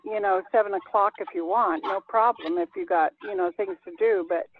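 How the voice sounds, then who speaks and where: A woman's voice: mid-range voice, fairly quick, a little hiss or hum. A woman leading a group language class over a video call, explaining patiently and step by step. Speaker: language teacher. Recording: dry, phone-like video call audio.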